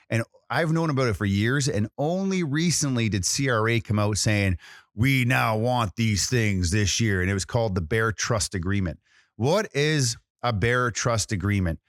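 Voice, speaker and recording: A man's voice: lowish voice, no room sound, studio quality. A man hosting a podcast in a casual, chatty way, full of fillers and restarts. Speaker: podcast host.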